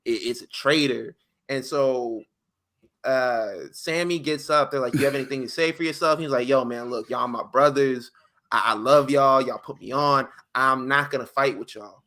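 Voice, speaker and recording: A bright, forward-voiced man chatting on a podcast. He tells stories in animated bursts and slips into slangy acted-out quotes. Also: medium pitch, moderate pace. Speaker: podcast co-host. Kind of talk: casual chat.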